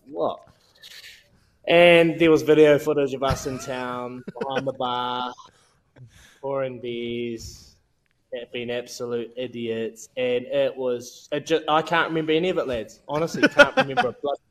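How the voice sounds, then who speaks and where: A man's voice: medium pitch, moderate pace. A man in his thirties with a New Zealand accent, a podcast guest telling candid, self-mocking stories in laddish slang. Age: 30s. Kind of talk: casual storytelling chat.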